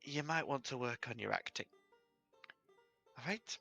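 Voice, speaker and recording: Brusque gnome barmaid, middle-aged, high and clipped, voiced by a man. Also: huge pitch swings, normal speed, soft background music, full character voice. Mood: wry. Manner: curt, sharp-tongued.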